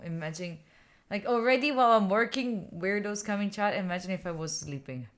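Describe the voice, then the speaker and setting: A woman in her twenties from Italy, whose first language is Italian, chats on her study stream, tired and meandering as she responds to viewers. Her mid-range voice is expressive and her pace is normal.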